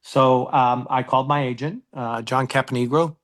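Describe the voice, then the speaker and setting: A man's voice: medium pitch, steady tone, moderate pace, a bit bright. A man in his sixties, a former football kicker, tells an old story in an interview, rambling with many filler words and acting out old conversations.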